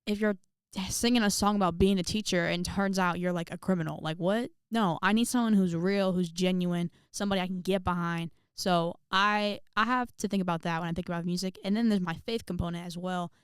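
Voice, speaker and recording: Chatty young woman with a smooth voice. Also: fairly low pitch, fairly quick, no echo, clean studio sound. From Indiana, USA. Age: young adult. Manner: chatty, animated, many fillers, acts out quotes. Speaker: vlogger. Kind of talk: casual storytelling to camera.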